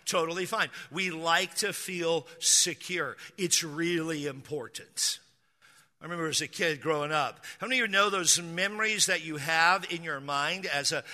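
A man's voice: a little high, bright, forceful tone. A man in his thirties, a pastor preaching a sermon, telling stories casually with humor and frequent restarts. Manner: conversational storytelling with humor and repeated restarts. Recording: echoey hall with long reverb.

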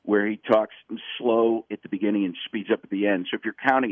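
A middle-aged man calling in to chat, his voice thin and phone-like with no room around it. He talks in halting bursts, restarting his sentences and slipping into quick impressions. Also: fairly low pitch, fairly even intonation, dry recording. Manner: explains voices in stops and starts, drops into quick impressions. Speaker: comedian guest. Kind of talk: casual chat. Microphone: phone call-in. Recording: tinny phone line.

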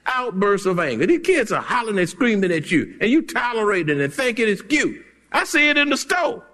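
Male pastor, high voice, big swings; emphatic preacher who shouts and chuckles. Church reverb. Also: big pitch swings, brisk. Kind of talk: sermon. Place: church sanctuary.

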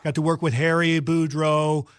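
A man's voice: on the high side, flat delivery, moderate pace, smooth, no echo. A middle-aged man, a TV sports producer, chatting as a radio guest and telling stories with enthusiasm. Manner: enthusiastic, storytelling. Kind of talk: casual interview chat.

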